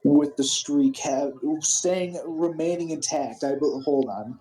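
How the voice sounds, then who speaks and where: A man narrating a wrestling simulation game with an excited play-by-play recap, animated and full of restarts. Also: fairly high pitch, poor audio. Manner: animated, quick, with frequent restarts.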